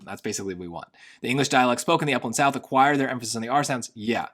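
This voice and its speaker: A man tutoring for a test, reading passages quickly and then musing half to himself as he works through the answer choices. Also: mid-range voice, fairly bright tone. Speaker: SAT tutor. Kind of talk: thinking aloud while solving test questions.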